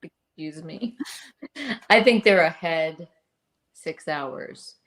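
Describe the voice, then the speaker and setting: A woman co-hosting a casual podcast chat, teasing and quick to correct and suggest ideas. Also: deep voice, a bit bright. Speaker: podcast co-host.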